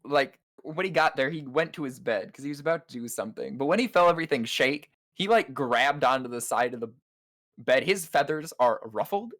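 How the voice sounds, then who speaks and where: Woman player, deep for a woman, swingy and excitable. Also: a little fast. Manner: excitable, rambling in-character description. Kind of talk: casual tabletop game chat.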